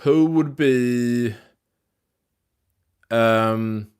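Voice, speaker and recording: A smooth, slightly mellow man's voice of medium pitch goes very slowly. He's hosting a live MMA news stream, rambling in a loose, profane, casual way with many restarts and fillers.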